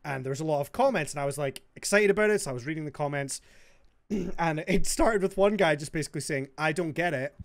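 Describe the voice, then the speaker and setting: A man's voice: a little high, quick pace, creaky. Chatty man hosting a podcast. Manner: chatty, laughs often, retells stories animatedly. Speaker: podcast host. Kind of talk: casual chat.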